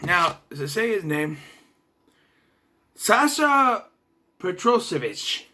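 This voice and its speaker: A young adult man casually reviewing a movie, chatty and sarcastic, sometimes clearing his throat. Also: sits high, big pitch swings, slow pace, pushed and bright.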